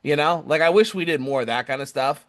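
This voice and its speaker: Young guy on a podcast going off on a rant, bit high voice, acts out what people say. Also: fast. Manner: animated, acts out other people's lines in quoted voices. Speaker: podcast co-host.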